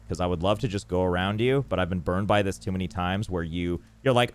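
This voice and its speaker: A male streamer chatting casually over his gameplay, telling animated, ranting stories. His mid-pitched voice swings widely up and down, and quiet game music plays underneath. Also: fast talker. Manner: animated ranting storyteller, reads chat.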